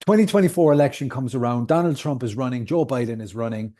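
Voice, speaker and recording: This solo podcast host, a man in his thirties who isn't from the United States, talks fast in a warm, mid-range voice while delivering a heated, swear-filled, emphatic rant.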